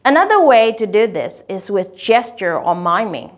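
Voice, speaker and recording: A woman giving a teacher-training talk on teaching vocabulary, speaking clearly and deliberately and drawing out example words slowly. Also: medium pitch, sing-song.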